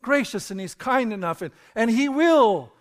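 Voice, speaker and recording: A man preaching a sermon as pastor, reading scripture dramatically and rising to loud emphasis. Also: extremely high pitch, expressive, moderate pace.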